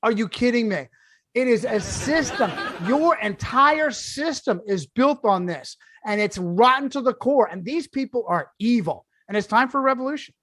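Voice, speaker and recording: A man who is a guest author on a podcast, talking emphatically and sarcastically in quick bursts. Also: very high voice, lively intonation, fairly bright tone, no room sound. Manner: emphatic, sarcastic, rapid-fire. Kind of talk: podcast discussion.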